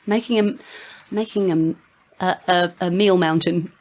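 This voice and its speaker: A woman's voice: fairly low pitch, fairly even intonation, unhurried, darkish tone. A woman co-hosting a podcast, chatting casually and playfully, riffing on silly words. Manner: playful, giggly, word-play. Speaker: podcast co-host. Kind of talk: casual chat.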